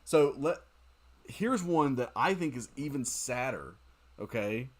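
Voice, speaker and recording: Unhurried and mid-range in pitch, a man livestreams a mobile game and talks casually with the people watching. His chatter is animated and full of fillers such as "um" and "dude."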